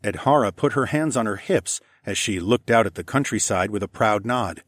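A man reading a first-person story as an audiobook, relaxed storytelling with casual asides. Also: lowish voice, moderate pace, no room sound, clean studio sound. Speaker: audiobook narrator.

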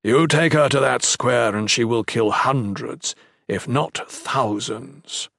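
A man's voice: mid-range voice, takes it slowly, creaky, fairly bright tone, no echo, clean studio sound, exaggerated voice. A man voicing a blunt, stern old male magician.

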